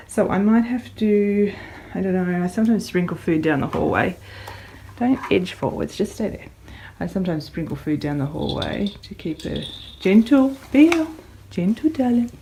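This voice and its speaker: A woman vlogging at home, talking gently to her dog and rabbits in a coaxing voice that often rises into a soft high baby voice. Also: creaky, noisy background. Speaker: pet vlogger. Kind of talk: casual vlog talk to pets. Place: home room with pets.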